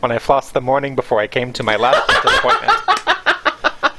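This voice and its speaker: A speaker in casual chat, joking wryly and laughing a lot, with quick one-liners. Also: mid-range voice, huge pitch swings, heavy background noise. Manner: wry and playful, laughs a lot, with quick quips.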